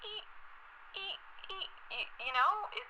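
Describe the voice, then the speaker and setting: A nervous, apologetic woman caller in a video game, her pitch lively and her tone very bright. Faint noise hums under her voice. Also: unhurried, exaggerated voice, low-quality recording. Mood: hesitant. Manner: hesitant, apologetic.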